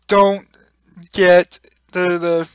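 Young gamer, gameplay commentary, very slow delivery, frequent laughs and exclamations, dry close sound. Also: medium pitch, little pitch movement, clear, resonant tone, no room sound.

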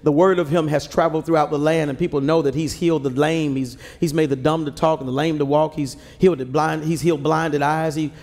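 A male pastor preaching a sermon from the pulpit, building to shouts and calling on the congregation to answer him. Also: on the high side, fairly even intonation, brisk, hardly any pauses. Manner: preaching with rising shouts and call-and-response to the congregation. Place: large church sanctuary. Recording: live church recording with long hall reverb.

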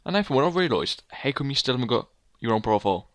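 A man's voice: mid-range voice, fast, no echo. A young man hosting a casual let's play, joking around and saying "literally" a lot. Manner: jokey, excitable, says "literally" a lot. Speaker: gaming channel host.

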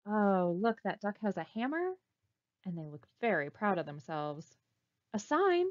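A woman librarian reading a picture book aloud to children, pausing to ask them questions. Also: medium pitch, dry recording. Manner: animated, asks children questions. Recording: dull, slightly muffled recording.

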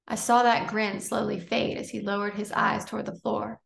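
A woman narrating an audiobook in a measured, unhurried reading. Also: medium pitch, little pitch movement, creaky. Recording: roomy echo.

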